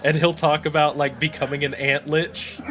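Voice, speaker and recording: A man's voice: a little high, flat delivery, normal speed, fairly bright tone. A man playing a tabletop game, rambling cheerfully about what his character does. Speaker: player.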